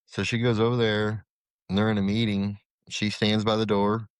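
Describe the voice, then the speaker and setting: A man's voice: on the low side, moderate pace, clear, resonant tone, no room sound, clean studio sound. A middle-aged man, a podcast guest and former corrections officer, telling a story in conversation and acting out the dialogue. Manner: animated, acts out quoted dialogue.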